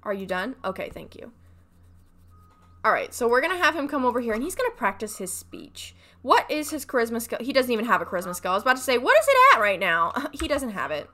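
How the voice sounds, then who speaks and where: A young woman narrates her game session in a loose, chatty way, talking straight to her characters. Her voice sits a little high and bright, with a very lively, swooping pitch. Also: fast talker, hardly any pauses. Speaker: let's play gamer. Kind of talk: casual gameplay commentary.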